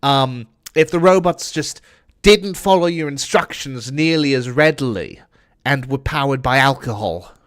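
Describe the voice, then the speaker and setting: A man's voice: medium pitch, lively intonation, a little slow, a bit bright. A man streaming a game, chatting with viewers and cursing casually in a put-on British accent. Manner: chatty, swears often, answers chat while playing. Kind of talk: casual gameplay commentary.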